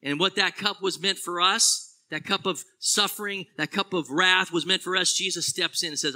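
A man delivering a sermon as pastor, with a fairly high, very bright and forceful voice. He preaches with animation, rising to loud exclamations and dropping to quiet, low phrases. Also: fairly even intonation, normal speed, few pauses.

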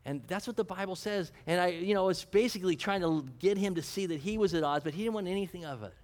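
A fairly high-voiced male pastor preaching in an easy, conversational way. He poses questions and answers them himself, and slips into personal stories with self-deprecating humor. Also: quick pace, darkish tone. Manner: storytelling, chuckling, self-deprecating. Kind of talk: conversational sermon.

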